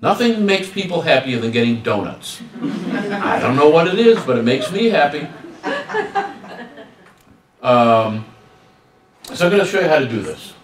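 A man presents a staff workshop with a lively, swooping voice and plenty of humor. He keeps acting out short exchanges. The sound is roomy and picked up from a distance. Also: fairly high pitch, unhurried, pauses often, background noise. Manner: animated, acts out dialogues with humor. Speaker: guest speaker on student service. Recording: roomy hall, distant mic.

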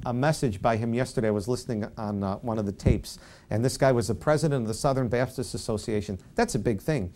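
A man preaching a Bible-study sermon as pastor, conversational and self-deprecating, softly acting out quoted speech. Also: medium pitch.

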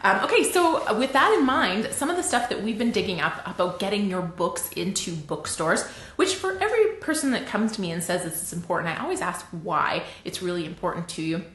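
A Canadian woman hosting a casual livestream lesson, chatty and animated, laughing often. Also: medium pitch, a little fast, echoey room. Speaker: livestream host.

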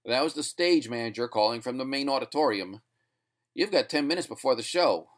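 A man's voice: mid-range voice, animated, fairly quick, natural voice. A genial male army colonel who sounds amused and friendly, acted out by a man. He speaks in an easygoing, good-humored way.

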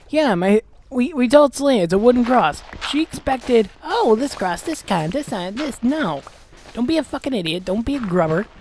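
A woman's voice: fairly high pitch, darkish tone, slight background noise. Profane ranting woman gamer. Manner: profane, exasperated ranting with mocking voices. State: gassy, clearing throat. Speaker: Let's Play host. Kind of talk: ranting commentary over gameplay.

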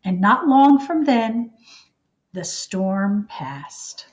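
A woman reading a children's storybook aloud in an expressive, unhurried way. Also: medium pitch, a little hiss or hum. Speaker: storybook reader.

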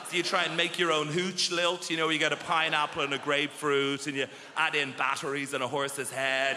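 A man's voice: on the high side, fairly even intonation, brisk, hardly any pauses, a little hiss or hum. A man performing a stand-up comedy set in a theatre, telling stories with punchy timing and acting out quoted voices. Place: large theatre stage. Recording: echoey theatre with loud audience. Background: audience laughter.

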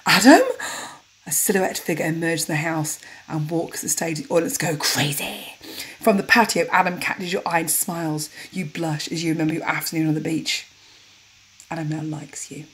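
A woman's voice: deep voice, steady tone, moderate pace, a bit bright. A young woman reading a story game aloud as she plays, chatty with jokey asides between the lines. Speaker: let's-play narrator. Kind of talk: casual game narration with commentary.

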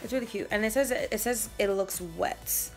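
A woman's voice: medium pitch, normal speed, over music. A young woman vlogging a shopping haul in a casual, slangy, playful way, a bit out of breath. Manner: chatty, slangy, playful, rambling.

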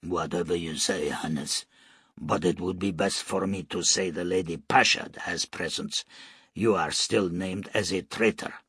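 A man's voice: low-pitched, fairly even intonation, a little slow, fairly bright tone, husky, no echo, studio quality, pitched below the performer's own voice, heavily acted. A man voicing a weary, gloomy ship's master in an audiobook reading, deferential and grumbling.

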